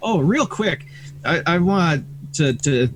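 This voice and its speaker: A man co-hosting a casual gaming livestream, giving relaxed, friendly shout-outs to the community. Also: on the high side, slow, a little hiss or hum, low-quality recording. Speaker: co-host.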